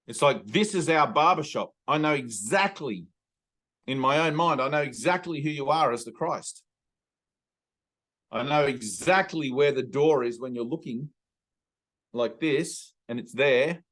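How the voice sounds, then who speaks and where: An Australian man leading a spiritual satsang over a video call, talking earnestly and intimately and slowing right down to stress a point. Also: mid-range voice, animated, a bit bright. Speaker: spiritual teacher. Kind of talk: satsang teaching talk.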